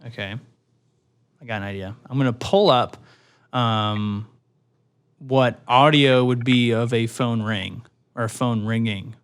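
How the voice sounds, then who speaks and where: A man co-hosting a casual podcast, animated, swearing and laughing freely. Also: medium pitch, a little slow, long pauses, clean tone. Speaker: podcast co-host.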